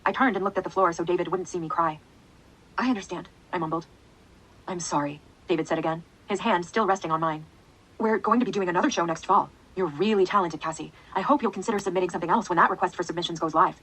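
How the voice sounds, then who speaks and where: A woman with a husky voice narrating an audiobook in the first person. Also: fairly low pitch, fast talker, a bit bright, rough recording.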